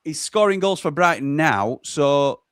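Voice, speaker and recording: A man's voice: on the high side, expressive, measured pace, smooth, no room sound, clean studio sound. A man hosting a casual football watchalong, reading out viewer comments with wry remarks. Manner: reads out chat messages, chatty and wry.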